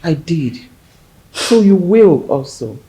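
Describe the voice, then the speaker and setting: An actress playing a widowed woman with a Nigerian accent who gently comforts a grieving friend. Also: animated, slow, low-quality recording. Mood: consoling. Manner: consoling, gentle and low. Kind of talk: Nollywood film acting.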